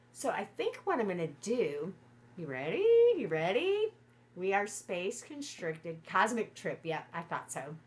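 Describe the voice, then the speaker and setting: Chatty, excitable woman with a lowish voice. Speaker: livestream host. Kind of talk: casual livestream chat. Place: home.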